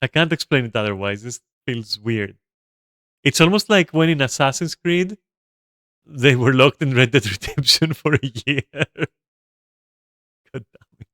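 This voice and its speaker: A man's voice: medium pitch, lively intonation, measured pace, long pauses, a bit bright, dry recording, clean studio sound. A young man streaming a video game, chatting casually to his viewers in a rambling, swearing, laugh-prone way. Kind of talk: casual gameplay commentary to chat.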